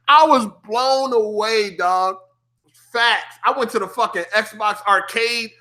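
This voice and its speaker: Telling a gaming story on stream, a man speaks slowly and casually with heavy slang and profanity, switching to a higher, excited voice to play his younger self.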